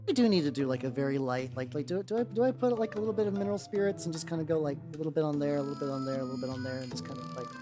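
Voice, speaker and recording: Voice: mid-range voice, very fast, few pauses. A VTuber chatting casually while painting miniatures, rambling and profane, full of fillers and restarts. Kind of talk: casual live-stream chat while working. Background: faint background music.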